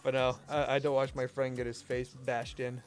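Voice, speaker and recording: Speaking at normal speed in a mid-range voice, another young live streamer tells a casual story packed with swearing and laughter. Faint music runs in the background as he keeps things animated and profane.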